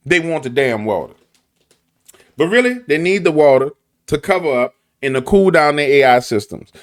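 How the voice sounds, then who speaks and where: A man with a New Orleans accent giving animated, preachy commentary full of slang and repetition. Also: fairly high pitch. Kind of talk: conspiracy commentary.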